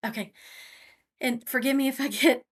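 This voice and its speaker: A woman's voice: high voice, fairly even intonation, normal speed, slightly rough. A woman guest on a faith podcast speaking earnestly and reflectively about her own life in long, image-filled answers. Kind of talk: personal testimony in interview.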